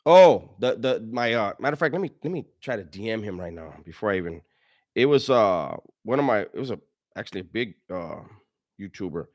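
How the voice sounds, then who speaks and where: A man's voice: fairly low pitch, sing-song, fairly quick. A man hosting a casual livestream, reading chat messages in a slangy way, laughing often and stumbling over his words.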